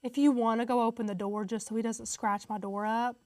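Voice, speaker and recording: A woman's voice: a little high, little pitch movement, a little fast, a little mellow. A woman hosting a casual step-by-step crafting tutorial, chatty and upbeat, talking straight to her viewers.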